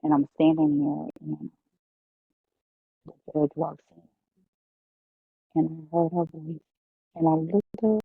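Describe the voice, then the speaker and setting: A woman's voice: low voice, gravelly, slightly rough, no echo. A woman as a podcast guest, telling an emotional personal testimony in a heartfelt, preacherly way. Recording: phone-like, dry.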